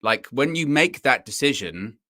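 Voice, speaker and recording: A man's voice: mid-range voice, animated, a little slow, sharp tone. A man co-hosting a casual football podcast, thoughtful and hedging with many fillers. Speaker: co-host.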